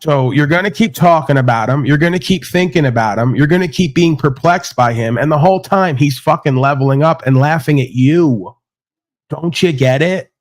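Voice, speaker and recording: A man's voice: on the high side, moderate pace. Man, blunt, profane, emphatic, online panel host. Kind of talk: heated casual panel talk. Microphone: remote stream call.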